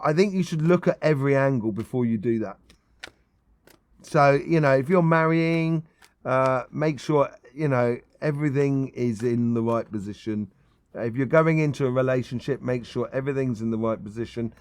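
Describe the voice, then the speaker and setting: A man's voice: medium pitch, normal speed, a little mellow, no echo. A middle-aged man giving a casual tarot reading, enthusiastic and rambling, with many ums and restarts. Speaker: tarot reader.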